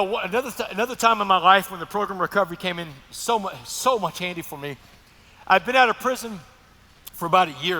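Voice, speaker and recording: A high, bright-voiced man rushes through an earnest testimony, talking straight to the crowd. His voice rings out with a long hall echo behind it. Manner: earnest storytelling, addresses crowd directly. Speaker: guest speaker sharing recovery testimony. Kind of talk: personal testimony speech to an audience. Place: large event hall at a breakfast gathering. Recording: echoey hall reverb.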